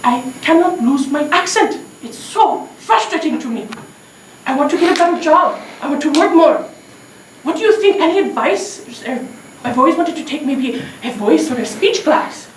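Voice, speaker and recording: Woman doing an eager indian-accented guy, high lively voice, earnest and chatty, far off in an echoey room. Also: moderate pace, a little hiss or hum. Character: polite young man from India living in Canada.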